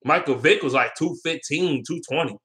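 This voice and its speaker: A man's voice: fairly high pitch, normal speed, sharp tone. A young man talking casually about sports in a rambling, opinionated way, with slang and lots of ums. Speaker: sports vlogger.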